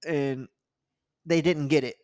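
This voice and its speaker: Male podcast co-host, dry close sound, relaxed and profane. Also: a little high, slow pace, dry recording. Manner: laid-back, laughing, profane. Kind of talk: casual sports chat.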